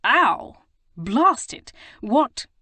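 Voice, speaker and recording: A woman's voice: fairly low pitch, measured pace, no echo, natural voice. Woman voicing a teasing rakish lord. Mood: aggrieved. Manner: drawling, mock-innocent teasing. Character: teasing roguish young Regency lord, man.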